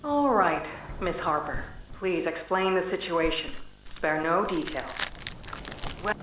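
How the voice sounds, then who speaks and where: A calm tape interviewer. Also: female voice, fairly low pitch, slow. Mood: businesslike. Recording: echoey, noisy game tape recording.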